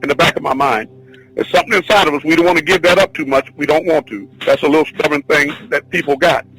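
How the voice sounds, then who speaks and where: A man teaching a spiritual class, telling a long personal story in an excited, rambling, repetitive way. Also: on the high side, fast talker, slightly rough, soft background music, low-quality recording. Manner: excitable, repetitive, restarts often. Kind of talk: rambling spoken testimony.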